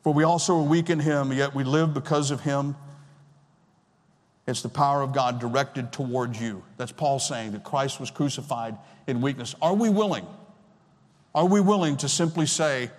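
A man's voice: medium pitch, moderate pace. Older male pastor preaching in a reverberant hall. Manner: emphatic, repeats key phrases. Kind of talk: sermon. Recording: long reverb of a large hall.

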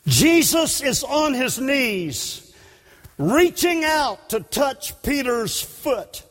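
A man preaching a sermon at an evening service, impassioned and breaking into shouts for emphasis. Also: extremely high pitch. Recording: long hall reverb.

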